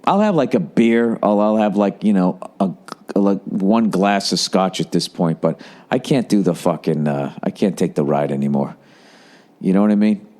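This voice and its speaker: A man's voice: sits low, normal speed. A middle-aged man hosting a podcast, telling a rambling, profane story and nursing a lingering cough. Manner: profane, rambling, animated impressions. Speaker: podcast host. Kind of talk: casual storytelling monologue.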